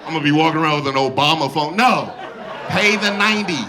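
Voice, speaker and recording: A man in his thirties performing a stand-up comedy set with an animated, playful, slangy delivery on a handheld mic. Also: fairly high pitch, normal speed, pauses often, background noise. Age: 30s. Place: comedy club stage with audience laughter. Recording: loud live crowd laughter.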